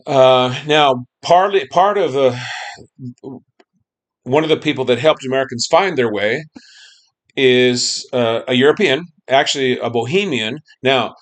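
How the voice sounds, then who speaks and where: A man's voice: mid-range voice, a little slow. Man giving a chatty music lecture. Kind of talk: classroom lecture.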